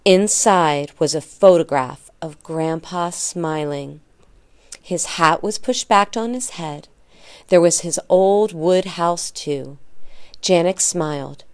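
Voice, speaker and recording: A woman reading a children's story aloud for a lesson, slow and deliberate. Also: fairly low pitch, clean tone. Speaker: story reader.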